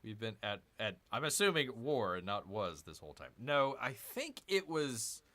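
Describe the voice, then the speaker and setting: A man streaming a strategy game, talking casually through each move. His voice is bright and bouncy, with muttered grumbles at the game and playful growls tossed in. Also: mid-range voice, very animated, moderate pace. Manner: chatty, muttering asides, playful mock growls. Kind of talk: casual live gameplay commentary.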